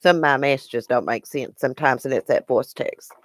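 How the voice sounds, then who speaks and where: A woman's voice: extremely low pitch, a little fast, dry recording. Chatty Southern American woman, dry sound. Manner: chatty, answering viewer comments by name. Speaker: live-stream host. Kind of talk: casual live-stream chat.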